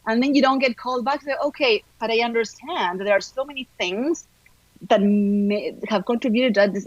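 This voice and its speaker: A woman from Argentina with an Argentine Spanish accent, an actor chatting as an upbeat, animated podcast guest. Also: on the high side, no room sound, highs cut off. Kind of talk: casual interview chat.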